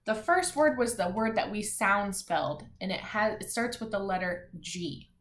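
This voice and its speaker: A woman teaching a lesson to young children, patient and clear, sounding out letters and words one by one. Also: medium pitch, expressive, moderate pace. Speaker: elementary school teacher. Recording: roomy echo, faint background noise.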